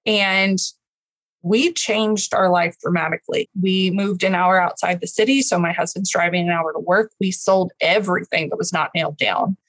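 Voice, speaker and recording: A woman's voice: on the low side, steady tone, moderate pace, no room sound, rough recording. A woman in her thirties from Texas, a guest telling an emotional, earnest personal story in an interview.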